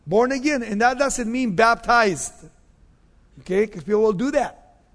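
Emphatic preacher with a high voice. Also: male voice, a little slow, long reverb tail. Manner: emphatic, repeats key phrases, drops to low quiet tones. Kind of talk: sermon.

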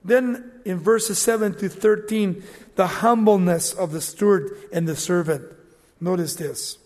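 High-voiced man preaching a sermon. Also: a little slow, a little mellow, in a large hall. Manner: asks rhetorical questions, jokes with the congregation. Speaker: pastor.

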